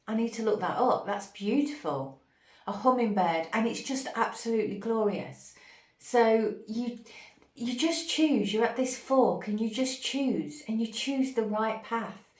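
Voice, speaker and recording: A woman's voice: a little high, darkish tone. Gushing, dreamy woman in a roomy echo. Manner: dreamy, gushing, pauses to receive words. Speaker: spiritual channel host. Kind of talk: intuitive channeled message reading.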